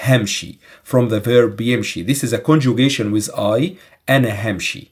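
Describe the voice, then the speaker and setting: A man whose first language is Egyptian Arabic, teaching phrases from a film scene and repeating them slowly and carefully. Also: mid-range voice, slightly rough. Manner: slow careful repetition.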